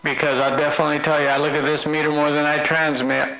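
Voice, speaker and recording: Man, easygoing CB radio chat, slightly high, echoey transmission. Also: fast. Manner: relaxed, easygoing. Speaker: CB radio operator.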